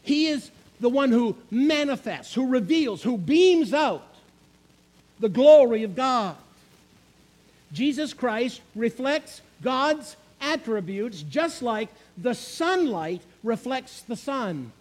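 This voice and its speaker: A man delivers a sermon in a very high-pitched voice. He is emphatic, repeating key phrases and asking his listeners questions. His delivery is that of a preacher teaching from the pulpit. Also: animated, takes it slowly, darkish tone, rough recording.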